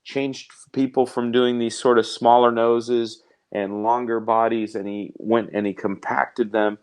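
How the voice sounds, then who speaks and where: A man's voice: mid-range voice, flat delivery, a little slow, darkish tone, clear, resonant tone. A man hosting a live art stream, chatting casually in a rambling, jokey way and reading out viewer comments. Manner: rambling, self-interrupting, jokey.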